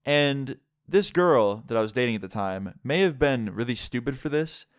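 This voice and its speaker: A man's voice: medium pitch, normal speed, clean tone, no room sound, clean studio sound. Candid, swearing man telling a story. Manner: candid, swears freely, lots of "like"; animated retelling, voices the other people in the story. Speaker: vlogger telling a personal story. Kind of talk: casual storytime vlog.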